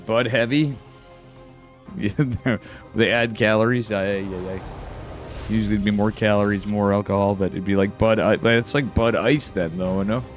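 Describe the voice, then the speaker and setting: A man with an upstate New York accent giving casual live commentary on a strategy game, swearing now and then and bursting into excited outbursts. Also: fairly low pitch, normal speed, faint music behind. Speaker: esports caster.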